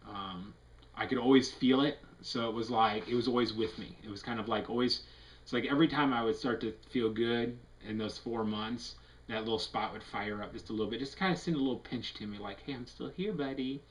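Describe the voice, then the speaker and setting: A man's voice: lowish voice, steady tone, brisk, low-quality recording. A man giving a casual, candid health update to a webcam, rambling through fillers and restarts in an earnest way. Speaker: vlogger.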